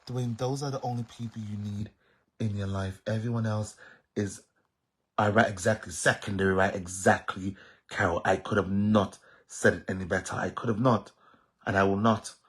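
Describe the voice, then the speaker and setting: A man's voice: on the low side, steady tone, moderate pace, fairly bright tone, breathy edge. A man with a Jamaican accent talking straight to his viewers in a casual monologue, emphatic and repetitive, standing firm on his opinions. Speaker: social media commentator.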